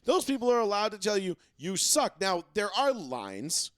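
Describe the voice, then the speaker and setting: Male sports podcast co-host, rambly storyteller, lively pitch, dry booth sound. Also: moderate pace, smooth, dry recording. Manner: rambling, filler-heavy storytelling. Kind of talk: casual sports talk.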